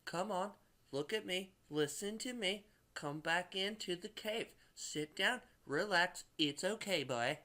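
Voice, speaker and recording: A man voicing a gentle young woman who soothes a monster, speaking in a soft, coaxing falsetto. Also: slow, exaggerated voice. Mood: soothing.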